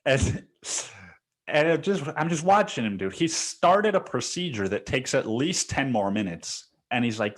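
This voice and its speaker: A man's voice: mid-range voice, expressive, moderate pace. A man hosting a podcast, telling stories in a casual monologue, swearing often and laughing between lines. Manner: profane, laughing storyteller. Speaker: podcast host.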